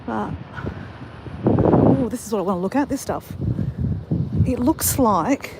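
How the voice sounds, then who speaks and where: Taking it slowly in an expressive, fairly high voice, an Australian woman live-streams her coastal walk by phone and talks eagerly to viewers nonstop. It's a casual chat, and the outdoor recording is buffeted by wind on the mic.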